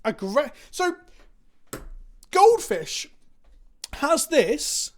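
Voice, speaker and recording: A man's voice: extremely high pitch, big pitch swings, very slow. An English man chatting casually on a stream, rambling and swearing with self-mocking banter. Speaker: Magic card game content creator. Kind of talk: casual chat on a live stream.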